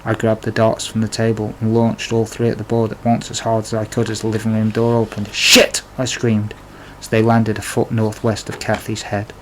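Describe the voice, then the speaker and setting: A man's voice: fairly low pitch, monotone, brisk, hardly any pauses, noisy background. A man narrating his own life story in a plain, confessional way, with blunt swearing. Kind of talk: memoir storytelling.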